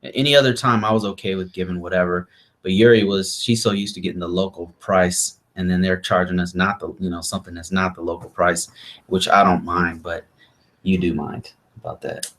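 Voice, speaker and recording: A young man in a casual chat, telling a travel story with lively quoted voices and restarts. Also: low voice, brisk. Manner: animated, acts out quotes of others. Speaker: vlog host.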